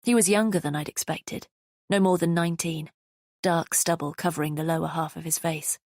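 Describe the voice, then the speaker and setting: A woman narrating a thriller audiobook in the first person, measured and tense. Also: sits low, fairly even intonation, a little mellow, no room sound, clean studio sound.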